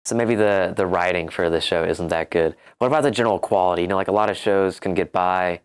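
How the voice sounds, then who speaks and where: A young man with a very deep, smooth voice. He steers a casual conversation, putting easy questions to the others. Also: fast talker. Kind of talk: casual chat.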